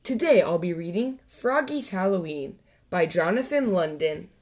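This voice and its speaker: A woman hosting a children's story channel, reading a picture book aloud clearly and expressively. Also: lowish voice, animated, moderate pace, a little mellow.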